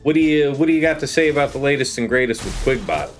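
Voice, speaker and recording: Male streamer host, lively pitch, casual chat, faint music under. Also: fast. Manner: animated, chatty while gaming.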